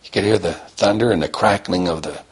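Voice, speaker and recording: A man telling a story in a slow, repetitive, drawn-out way. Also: deep voice, husky. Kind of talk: told bedtime-style story.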